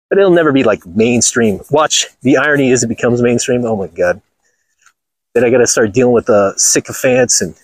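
Crude guy ranting on a walk outside, husky voice, swings up and down a lot. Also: mid-range voice, dry recording, low-quality recording. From Los Angeles, USA. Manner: blunt, crude and mocking, laughs often. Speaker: channel host. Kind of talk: casual walking vlog rant. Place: outdoors on a golf course.

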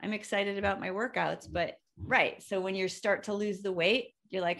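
A woman's voice: mid-range voice, animated, normal speed, few pauses, fairly bright tone. A woman co-hosting a podcast, talking in an enthusiastic, emphatic way and in a casual chat style. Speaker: podcast co-host; certified in plant-based nutrition.

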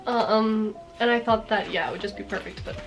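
A young woman with a cold talking excitedly in a casual haul vlog, gushing over her purchases. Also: mid-range voice, a little fast, faint music behind. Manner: bubbly and gushing, lots of "like" and "are you kidding me". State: congested with a cold. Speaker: vlogger.

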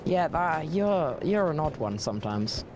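A man's voice: a little high, sing-song, a little slow, soft background music. A man playing along on a voice call, chatting in a laid-back, teasing way and often trailing off mid-thought. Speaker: co-player. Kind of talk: casual gaming chat.

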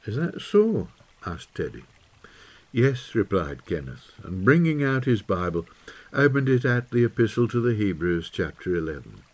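A man reading a storybook aloud as narrator, calm and measured. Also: low voice. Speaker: audiobook reader. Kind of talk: scripted narration.

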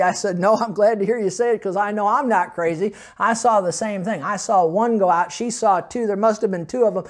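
A man's voice: sits high, steady tone, brisk, hardly any pauses. A man preaching a sermon as pastor, telling personal testimony stories with emphasis and occasional laughter. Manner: storytelling, emphatic, laughs between points.

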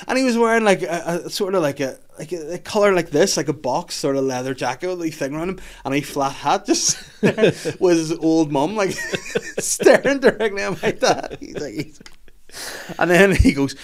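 A man in his thirties with a Scottish accent, hosting a podcast and telling an animated, laughing, sweary story. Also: a little high, moderate pace. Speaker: podcast host. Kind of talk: casual chat, storytelling.

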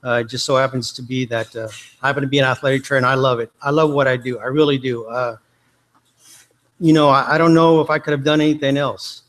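A man's voice: medium pitch, fairly even intonation, fast talker, a bit bright. A man from Texas, an athletic trainer telling self-deprecating, joking stories in a conference lecture. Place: lecture hall.

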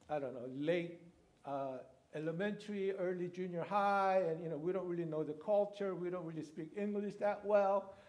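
High-voiced pastor in his fifties. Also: darkish tone. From Korea. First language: Korean. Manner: conversational, checks in with "right?" and "you know". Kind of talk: sermon. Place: church sanctuary.

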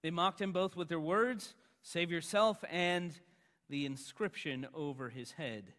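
A man pastor preaching a sermon, emphatic, rising loud on the lines he quotes. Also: on the high side, unhurried, long reverb tail.

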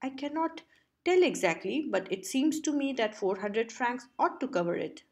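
A woman's voice: medium pitch, normal speed, a little mellow, close to an everyday voice. A woman voicing a vain, discontented young wife who complains sharply. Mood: plaintive.

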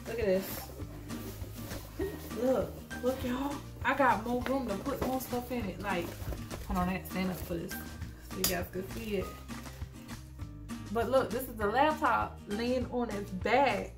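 Chatty, excitable young woman vlogging in an echoey room. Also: medium pitch, a little slow, pauses often. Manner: chatty and excitable, often addresses viewers as y'all. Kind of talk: casual unboxing vlog. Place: at home, in pajamas. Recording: echoey room with loud music behind.

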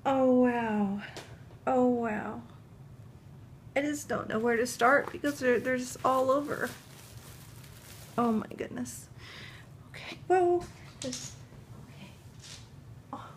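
A woman vlogging an unboxing at home, gushing and emotional, with drawn-out breathy exclamations. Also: high voice, a little hiss or hum, poor audio. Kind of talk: casual unboxing vlog. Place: home kitchen counter. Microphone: camera on tripod.

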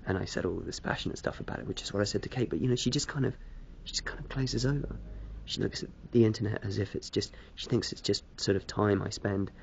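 Low gravelly man, rambling vlog. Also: fast, few pauses, a little hiss or hum. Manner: hesitant, self-deprecating, lots of fillers; smoking a cigarette while talking. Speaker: video blogger. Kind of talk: casual rambling vlog to camera.

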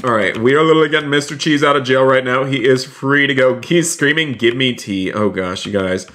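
A man live-streaming a roleplay game, excitedly narrating each move to his viewers and often repeating himself. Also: medium pitch, brisk, slight background noise. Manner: repeats phrases, keeps saying "you guys".

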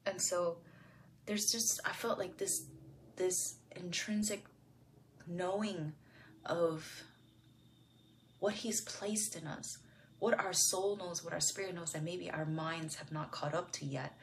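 A woman with a deep, low voice talks through a Bible passage in a personal reflection. She speaks softly and thoughtfully, full of little fillers, and now and then lets her voice fall to a whisper. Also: steady tone, slow pace, long pauses, slight background noise. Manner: soft-spoken, musing, with frequent fillers; sometimes drops to a whisper. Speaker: devotional video host.

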